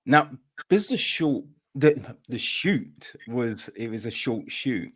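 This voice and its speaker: A man's voice: medium pitch, lively intonation, takes it slowly, fairly bright tone, slightly rough. A man hosting a podcast interview who asks long, searching questions.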